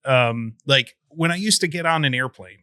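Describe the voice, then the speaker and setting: A man's voice: medium pitch, lively intonation, normal speed, pushed and bright, clear, resonant tone, dry recording, clean studio sound. A man hosting a podcast interview, chatting casually with a self-deprecating, jokey manner. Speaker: podcast host.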